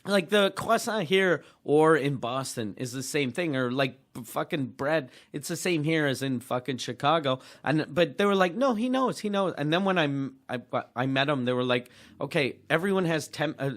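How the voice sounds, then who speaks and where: A man's voice: a little high, normal speed, few pauses, a bit bright. Profane male comic. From Quebec, Canada. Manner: profane, rambling, many restarts. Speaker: comedian guest. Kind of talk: casual storytelling.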